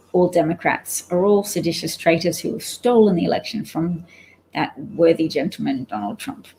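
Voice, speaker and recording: A political commentator with a low, gravelly, dark-toned voice gives rambling, wry solo commentary on the news, reading out quotes. She sounds sleepy and yawns. The audio is poor, with a little hiss or hum.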